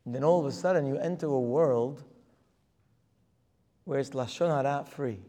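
A man's voice: fairly high pitch, brisk, a little mellow. A man giving a religious lecture as a Torah teacher, emphatic and full of rhetorical questions. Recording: long reverb of a hall.

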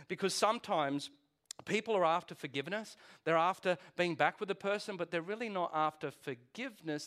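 Male pastor, animated sermon, conversational asides, fairly high voice. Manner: animated, conversational preaching with quick restarts and asides.

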